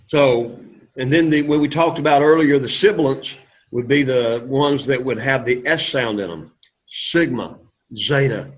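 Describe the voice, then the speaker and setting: A man teaching an introductory Greek class, encouraging students and having them repeat words aloud. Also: mid-range voice. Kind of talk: classroom lecture. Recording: lo-fi classroom recording.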